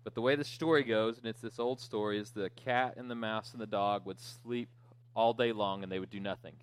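A man preaching as pastor, telling a children's story with asides and jokes in a relaxed, conversational way. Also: fairly low pitch, fairly quick, clear, resonant tone. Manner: joking storyteller, lively and conversational. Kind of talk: sermon.

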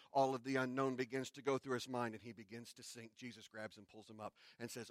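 A man pastor who reads scripture and then preaches in a conversational sermon, with restarts and dramatic pauses. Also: mid-range voice, flat delivery, no echo, studio quality.

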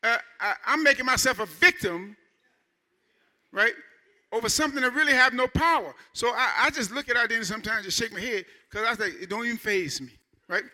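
High bright-voiced preacher, animated. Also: male voice, a little fast. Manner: animated, conversational preaching with rising shouts. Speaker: pastor. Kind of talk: sermon.

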